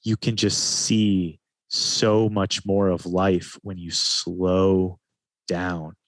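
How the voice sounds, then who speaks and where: A man, a guest in an interview, speaking in a calm, reflective way and often slowing his speech down. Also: low voice, dry recording. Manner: calm, slows his speech to stress points. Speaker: podcast guest, men's retreat facilitator.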